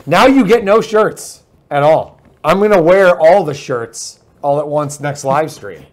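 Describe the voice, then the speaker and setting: A man co-hosting a casual tech and gaming livestream, joking and quick to get excited. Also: fairly high pitch. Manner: joking, excitable, self-mocking. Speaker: livestream co-host.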